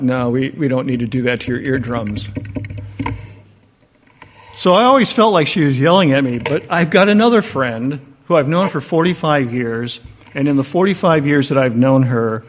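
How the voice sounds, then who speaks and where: Male pastor, mid pitch, conversational sermon that swings from loud to hushed, long hall reverb.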